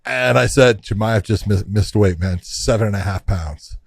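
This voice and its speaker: A man's voice: on the low side, normal speed, gravelly, no echo. A man co-hosting a casual podcast, blunt and emphatic, swearing casually. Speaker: co-host.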